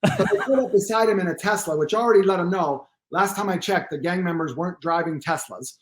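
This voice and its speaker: A high-pitched, fast-talking man from Pennsylvania, appearing as a guest posture therapist on a podcast, tells lively, joking anecdotes and acts out both sides of each exchange. There's slight background noise.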